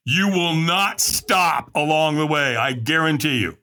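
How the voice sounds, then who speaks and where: A man's voice: a little high, measured pace. A male podcast guest telling a personal story vividly, acting out the lines of the people in it. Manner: vivid, animated storyteller who acts out what others said.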